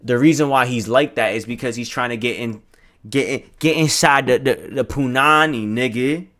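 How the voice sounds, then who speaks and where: Animated young man telling a storytime. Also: medium pitch, normal speed. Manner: animated, profane, slangy retelling with acted-out quotes. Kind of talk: casual storytime vlog.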